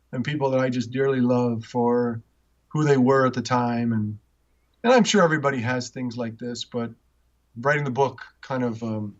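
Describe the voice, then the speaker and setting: A man telling personal stories in an interview, earnest and rambling, with frequent restarts, rising in pitch when moved. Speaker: interview guest, author. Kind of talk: personal storytelling in conversation. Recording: dull, muffled audio.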